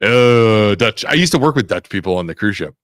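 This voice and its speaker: Lively man co-hosting a talk show. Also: on the low side, dry recording, clean studio sound. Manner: excitable, quick to laugh and joke. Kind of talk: casual banter. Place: radio studio.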